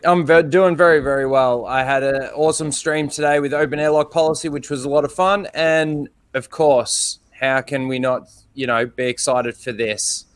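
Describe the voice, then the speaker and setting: A man's voice: medium pitch, steady tone, normal speed, hardly any pauses, smooth, no room sound. A man co-hosting a livestream chat on video call, enthusiastic as he welcomes everyone. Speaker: co-host, streamer. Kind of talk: casual chat.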